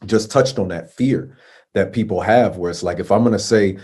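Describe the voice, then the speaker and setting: A man's voice: lowish voice, moderate pace, mellow, husky. A man speaking as a panelist in a casual discussion, earnest, often asking "you know what I'm saying".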